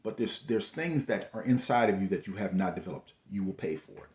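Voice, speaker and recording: A man with a somewhat low voice delivers a motivational talk to the camera. He preaches in a repetitive way, stacking rhetorical questions one on another. The room around him rings with noticeable echo. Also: a little fast, a little mellow. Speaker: host. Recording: echoey room.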